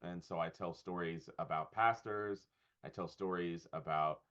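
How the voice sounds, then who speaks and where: Male pastor-comedian guest, low register, halting and reflective delivery, muffled lo-fi audio. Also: steady tone, fairly bright tone. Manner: thoughtful, halting with fillers and restarts. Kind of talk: conversational interview. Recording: dull lo-fi sound.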